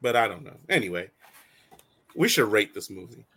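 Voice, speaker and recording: A man hosting a casual movie review chat, animated and slangy, laughing often and acting out quotes. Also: fairly low pitch, normal speed, breathy edge. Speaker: show host.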